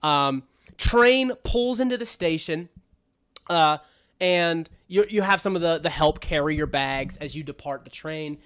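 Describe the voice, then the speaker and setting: A man's voice: a little high, a little slow, fairly bright tone, smooth. A man narrating as game master of a tabletop game, rambling with many restarts. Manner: rambling, lots of fillers and restarts.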